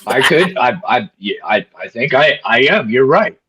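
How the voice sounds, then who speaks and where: A man in his seventies chatting as a guest on a live call, easygoing and quick to laugh. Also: medium pitch, big pitch swings, sharp tone. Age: 70s. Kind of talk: casual chat. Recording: dull lo-fi call audio.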